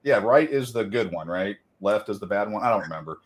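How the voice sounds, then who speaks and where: A man's voice: fairly low pitch, expressive, fairly quick. A middle-aged man co-hosting a podcast, telling rambling, self-deprecating stories in casual chat. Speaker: podcast co-host.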